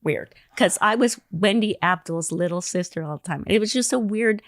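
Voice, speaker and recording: A woman telling an anecdote in an interview, animated, acting out the lines she quotes. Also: mid-range voice, a little fast, no room sound, studio quality. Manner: animated storyteller who acts out quoted lines. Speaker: interview guest.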